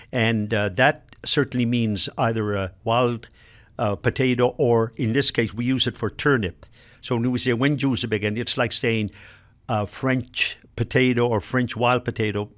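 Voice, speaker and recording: Older guy from nova scotia, patient, explains words slowly with examples, radio chat. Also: medium pitch, fairly bright tone. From Nova Scotia, Canada. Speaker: elder and linguist guest.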